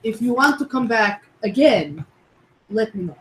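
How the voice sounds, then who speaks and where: A woman voicing a gruff, protective Russian man with a put-on Russian accent, speaking in a halting, reassuring way. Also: a little high, animated, a bit bright, echoey room, slight background noise, poor audio.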